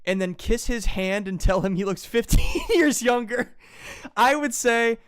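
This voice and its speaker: A man's voice: extremely high pitch, a little slow, smooth. A man in a casual comedic chat, ranting crudely and with lots of swearing. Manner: crude, profane, animated ranting. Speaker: podcast co-host.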